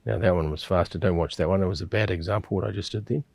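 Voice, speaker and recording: A man's voice: low-pitched, racing, gravelly, a little mellow, dry recording. A middle-aged man, teaching a qigong class and telling rambling stories with chuckles and restarts. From New Zealand. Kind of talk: instructional class with personal storytelling.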